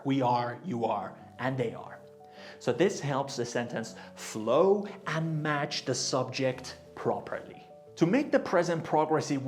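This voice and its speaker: A man teaching an English grammar lesson, explaining slowly and deliberately and spelling words out letter by letter. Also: mid-range voice.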